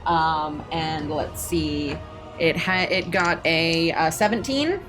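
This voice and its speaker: Woman dungeon master, lowish voice, slow deliberate narration of a horror tabletop game, music underneath. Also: a bit bright. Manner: slows down for grim descriptions.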